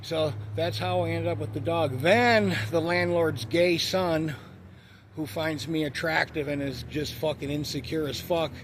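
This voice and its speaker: A vlogger with a slightly high voice tells a story in an unhurried, casual monologue, ranting bluntly and profanely. There's slight background noise in the recording.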